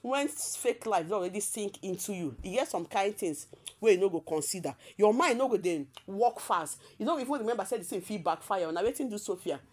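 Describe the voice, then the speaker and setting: Animated Nigerian woman gossiping. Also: mid-range voice, brisk. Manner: emphatic and repetitive, often laughing. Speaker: celebrity gossip vlogger. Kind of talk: casual gossip commentary.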